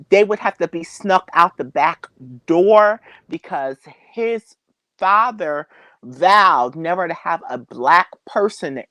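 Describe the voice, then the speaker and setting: A woman with a lowish voice, recorded close and dry, tells a personal story as a guest on a talk show. She hesitates, restarts and repeats herself, leaning on fillers as she works through the account. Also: fairly bright tone, no room sound, rough recording. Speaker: interview guest.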